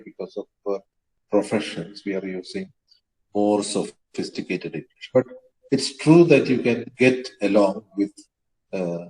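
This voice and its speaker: Slow, halting lecturer, low voice, echoey. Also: male voice, darkish tone. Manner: slow, hesitant, many fillers, spells words out letter by letter. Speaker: teacher. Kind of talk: lecture on language history.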